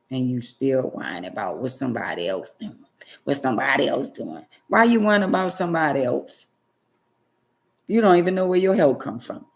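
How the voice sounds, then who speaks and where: A woman's voice: deep voice, vocal fry. A woman talking straight to her viewers in a preachy, scolding way, hammering points home by repeating them. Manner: emphatic and scolding, repeats phrases for effect. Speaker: vlogger. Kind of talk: preachy direct-to-camera talk.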